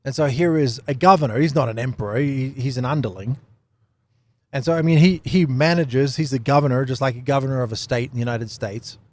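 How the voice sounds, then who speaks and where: Animated man teaching a Bible study. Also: mid-range voice, fairly quick. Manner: animated, many rhetorical questions and repeated phrases. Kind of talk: unscripted teaching talk.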